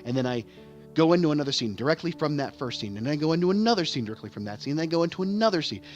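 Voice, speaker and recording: A man's voice: a little high, animated, very fast, dull audio. Rambling man over game music. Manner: rambling, repeats words, restarts often. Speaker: vlogger and stage actor. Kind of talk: candid casual monologue. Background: game music playing.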